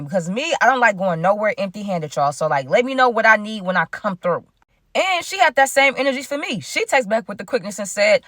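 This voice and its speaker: Woman, storytime vlogger, animated, talks to viewers, rapid pace, dry close sound. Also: on the high side, dry recording.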